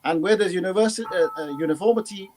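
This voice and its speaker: A man on a panel giving earnest, halting explanations with frequent fillers. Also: high voice, a little mellow, a little hiss or hum, poor audio. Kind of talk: casual panel chat.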